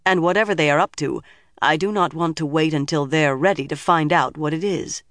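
A man's voice: fairly high pitch, a little fast, fairly bright tone, no echo, studio quality. A man voicing an earnest, defiant young woman in an audiobook reading. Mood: resolute. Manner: determined, a little shaky.

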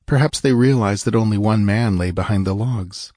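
A man narrating an action-filled fiction story, measured and dramatic, slowing for grim moments and lifting for the fighting. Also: on the low side, a little mellow, no echo, clean studio sound. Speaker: audiobook narrator.

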